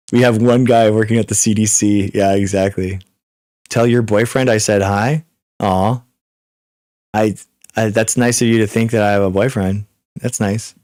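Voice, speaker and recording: A young man hosting a live stream, answering chat questions in a rapid, repetitive, exasperated way with many restarts. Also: fairly low pitch, steady tone, a little mellow, dry recording, studio quality. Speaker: livestream host. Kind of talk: live Q and A chat reading viewer comments.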